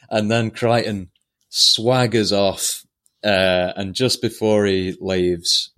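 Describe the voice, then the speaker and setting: A man's voice: on the low side, fairly bright tone. A man co-hosting a podcast, chatting casually as he retells TV scenes and acts out quoted lines. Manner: retells scenes, acting out quotes in put-on voices. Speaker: podcast co-host. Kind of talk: casual chat recapping a TV episode.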